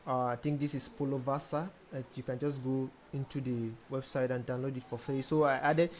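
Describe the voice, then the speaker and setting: A young man walks through his tutorial in a relaxed, unhurried way, often stopping on an um as he explains each step. His voice sits at an ordinary middle pitch, with a faint hiss in the background. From Nigeria. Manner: relaxed, hesitant with frequent ums, explains step by step. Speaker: music producer teaching mixing. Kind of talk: casual screen-recorded tutorial.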